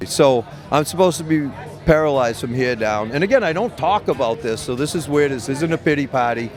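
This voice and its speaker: A man's voice: medium pitch, animated, brisk. A middle-aged man from Maine, a medical cannabis caregiver, telling his story in an interview in a blunt, profane, rambling way with many restarts. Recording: loud music under voice. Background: music.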